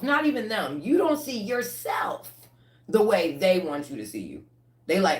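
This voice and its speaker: A woman tarot reader talking to her viewers in a casual livestream reading, blunt and profane, with lively rants. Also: lowish voice, measured pace, roomy sound.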